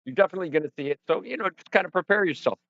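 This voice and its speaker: A man's voice: sits high, expressive, racing, gravelly, fairly bright tone, no room sound. Rambling man on a muffled livestream. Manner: rambling, self-deprecating, talks to chat and himself. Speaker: livestream host. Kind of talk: casual livestream chat. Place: home studio. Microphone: headset or desk mic with headphones. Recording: dull, muffled stream audio.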